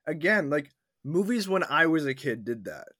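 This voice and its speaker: A man's voice: fairly high pitch, sing-song, normal speed, pushed and bright, no room sound, clean studio sound. A man co-hosting a casual movie review podcast, blunt and opinionated, filling his talk with "like". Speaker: podcast co-host.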